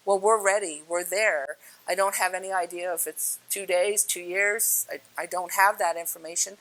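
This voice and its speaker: Woman spiritual speaker, mid pitch, casual and blunt, swears freely, keeps asking the listener questions. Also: fairly even intonation, moderate pace, hardly any pauses, a bit bright. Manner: chatty, asks the listener questions. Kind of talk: casual spiritual talk to an audience.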